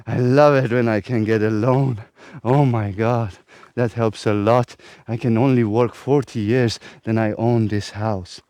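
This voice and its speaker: A man puts on a naive borrower who gushes about his loan in a mock-cheerful, sarcastic tone. The voice drops deep and stays mellow. It is close and dry. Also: steady tone, measured pace, clean tone, no echo. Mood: mock delight. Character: gullible adult man happily accepting lifelong debt.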